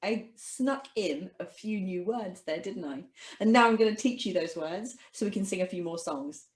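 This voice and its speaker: A woman's voice: medium pitch, moderate pace, reverberant. A woman teaching an online French lesson to children in a cheerful, sing-song manner. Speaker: language teacher.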